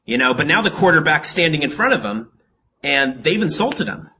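Man preaching, casual and joking, bright forceful voice, faint room noise. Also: on the high side, moderate pace. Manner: casual, joking, lively storytelling. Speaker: pastor. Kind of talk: sermon.

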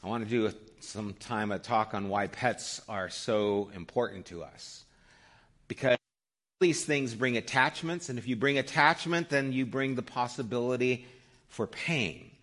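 A man's voice: medium pitch, unhurried, a bit bright. A man in his fifties, a pastor preaching a sermon in a conversational storytelling way, often checking in with "right?".

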